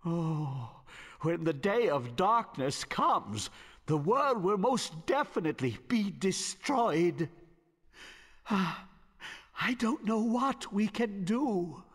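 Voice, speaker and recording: An anxious cardinal who fears the worst. He speaks very slowly in a high, husky voice, with a long reverb behind him. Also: sing-song, a bit bright, full character voice. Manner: slow, worried, sighing. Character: fearful older male cardinal, gloomy and anxious. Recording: long reverb, game audio.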